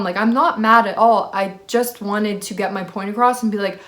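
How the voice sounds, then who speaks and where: A woman's voice: mid-range voice, brisk, hardly any pauses, fairly bright tone. A young woman casually telling a roommate story to her channel, chatty with lots of fillers and an exasperated tone.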